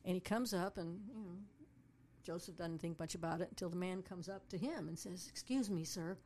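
A woman's voice: on the low side, fairly quick, slight background noise. A woman telling a story casually, a tour guide who acts out the voices of the people in it. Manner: animated, acts out voices of people in her stories.

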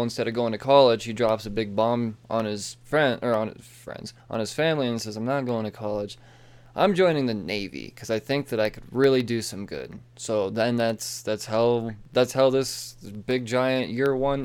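A man talks through a stack of comic books in a loose, excitable ramble, cursing freely and wandering into asides. His voice is smooth and clear, at an ordinary pitch for a man. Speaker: comic book reviewer. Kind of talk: casual profane comic review.

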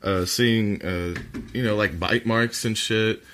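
Bright-toned laid-back swearing podcast guy. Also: fairly low pitch, fairly even intonation, slow, a little hiss or hum. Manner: laid-back, swears a lot, laughs while stumbling over reading. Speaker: podcast co-host. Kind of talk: casual chat.

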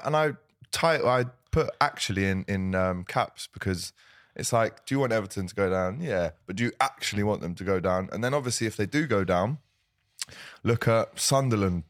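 A man's voice: lowish voice, no room sound, clean studio sound. A man hosting a casual football chat, telling stories and putting on other people's voices as he goes. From Liverpool. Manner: animated, does voices when retelling stories. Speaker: host.

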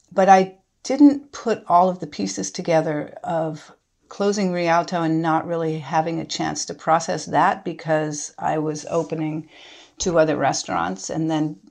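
A middle-aged woman speaking thoughtfully as an interview guest, halting and restarting as she reflects. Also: deep voice, creaky, darkish tone.

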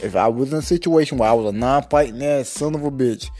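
Ranting podcast man, husky and dark. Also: mid-range voice, quick pace, faint music behind. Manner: repeats himself, emphatic, slangy. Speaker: podcast host. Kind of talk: casual rant.

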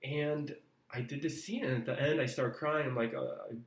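A man's voice: mid-range voice, normal speed. A man who is an actor, telling an anecdote in a casual podcast chat and acting out his own reactions. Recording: roomy echo.

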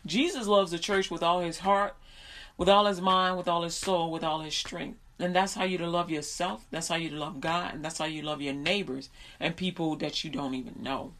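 A woman telling a story in a casual, conversational way, with fillers and restarts, who becomes animated as she retells it. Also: on the low side, normal speed. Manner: animated, laughs and shouts while retelling. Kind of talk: casual storytelling with faith talk.

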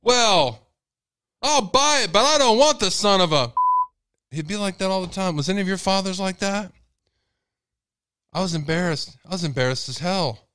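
A man's voice: mid-range voice, dry recording, clean studio sound. A male host telling a rambling, folksy story in a casual monologue. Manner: rambling, folksy, many fillers.

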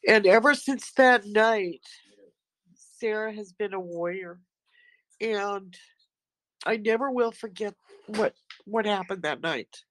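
A middle-aged woman speaks as a guest about her daughter. She tells the story in an earnest, steady way and acts out the quotes. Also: medium pitch, slow pace, long pauses. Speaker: guest, mother of the other guest. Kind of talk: personal testimony.

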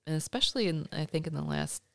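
A woman's voice: sits low, expressive, fast, fairly bright tone, no echo, studio quality. A middle-aged woman with a stuffy nose, chatting casually at home as her son interviews her, rambling with many restarts. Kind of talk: casual chat. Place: home basement.

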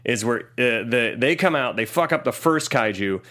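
Animated man recapping a movie. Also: medium pitch, normal speed. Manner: animated, swearing, acts out characters' lines. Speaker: podcast co-host. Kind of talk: casual movie recap chat.

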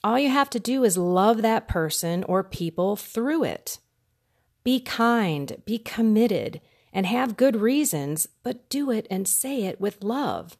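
A woman's voice: medium pitch, darkish tone. A middle-aged woman hosting a podcast, telling her personal faith testimony in an earnest, conversational way with emphatic repetition. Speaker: podcast host.

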